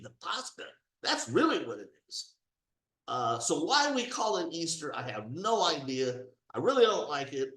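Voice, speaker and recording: A man talks through a religious and political monologue with real emphasis, his voice swinging widely in pitch. His tone sits a little high for a man and climbs to near-shouts when he gets indignant. The recording rings with the echo of a hard room. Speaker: commentary host.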